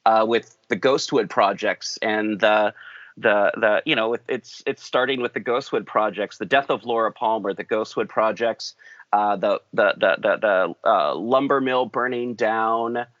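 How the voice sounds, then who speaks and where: A man's voice: on the low side, unhurried, a bit bright, no room sound. A man hosting a podcast in casual chat, thinking aloud in long rambling runs. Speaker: podcast host. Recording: dull lo-fi dry sound.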